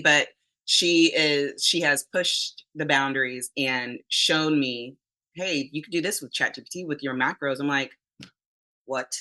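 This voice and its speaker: A woman talking as a podcast guest in a relaxed interview, chatty and often quoting herself. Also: deep voice, takes it slowly, rough recording. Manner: chatty, quotes herself often, frequent restarts. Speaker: podcast guest, fitness competitor. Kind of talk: casual interview chat.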